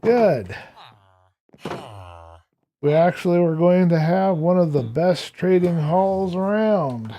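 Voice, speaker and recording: A man's voice: high voice, slow pace, pauses often, mellow, muffled recording, slight background noise. A man streaming a building game, chatting casually to his viewers and to the game's characters and chuckling often. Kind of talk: casual gameplay commentary.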